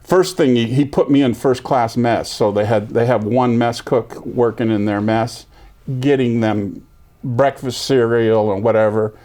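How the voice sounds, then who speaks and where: Older man telling a lively story. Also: mid-range voice, unhurried. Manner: lively storyteller, acts out quoted voices. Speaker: veteran interviewee. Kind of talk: oral history interview.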